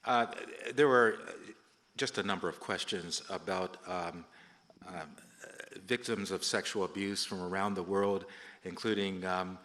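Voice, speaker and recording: A man moderating a lecture Q&A, reading audience questions haltingly with many pauses. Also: deep voice, fairly even intonation, a bit bright, in a large hall. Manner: halting, hesitant, many ums. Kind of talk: live Q&A moderation.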